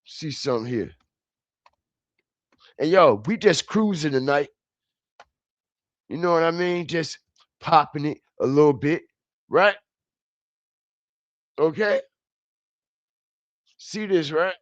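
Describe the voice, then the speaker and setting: A man with a slightly high, expressive voice hosts a livestream on a streaming setup mic, ranting with heat and profanity as he taunts and repeats himself. He speaks slowly with frequent pauses, and the recording is dry and muffled.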